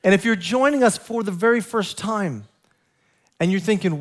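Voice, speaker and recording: A man with a high-pitched voice preaching a sermon in a church sanctuary. He is an excitable, animated pastor who laughs with his congregation and mixes scripture with humor. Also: normal speed.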